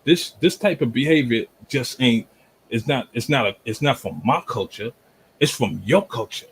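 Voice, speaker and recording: A man from Jamaica arguing forcefully in a heated online debate, pushing through interruptions. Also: mid-range voice, expressive, normal speed, a little hiss or hum, poor audio. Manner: forceful, repeatedly talks over interruptions.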